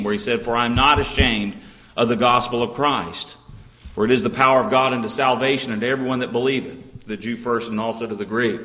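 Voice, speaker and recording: Earnest preacher in an echoey hall. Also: male voice, mid-range voice, fairly bright tone. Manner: earnest, rhetorical questions, reads scripture aloud. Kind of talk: sermon.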